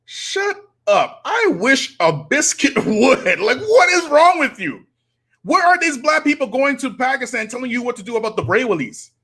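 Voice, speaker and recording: A man's voice: extremely high pitch, sing-song, normal speed, bright, forceful tone, husky. A man, hosting a live stream and preaching to his audience with rhetorical challenges. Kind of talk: impassioned live-stream commentary.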